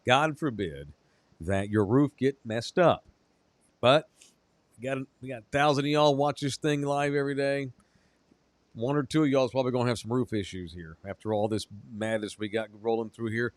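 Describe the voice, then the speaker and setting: A brash male sports radio host, joking crudely and rattling off sponsor reads. His voice sits at an ordinary pitch, recorded close and dry with no room sound. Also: moderate pace, no echo. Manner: brash, joking, reads ads and live chat. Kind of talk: casual sports talk.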